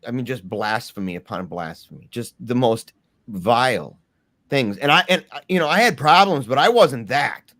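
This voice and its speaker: Recorded dry and at studio quality, a man with a medium-pitched, slightly bright voice talks at a moderate pace as an interview guest. Animated and informal, he drops "bro" and "man" while emphatically and earnestly recounting a personal ordeal.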